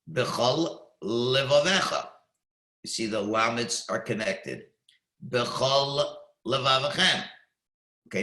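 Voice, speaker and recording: A man teaching a Talmud class, explaining each phrase and pausing to read Hebrew words slowly and carefully. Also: mid-range voice, pushed and bright. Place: synagogue class room. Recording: echoey room.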